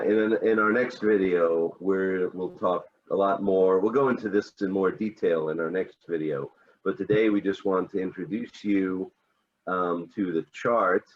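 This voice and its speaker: An American man, an English teacher, explaining pronunciation in a relaxed, casual chat with many fillers. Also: sits low, highs cut off.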